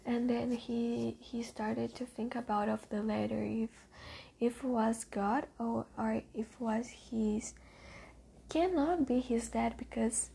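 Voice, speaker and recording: Slow, gravelly woman retelling a book. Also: on the high side, steady tone, warm tone. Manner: halting, searching for words, swears casually.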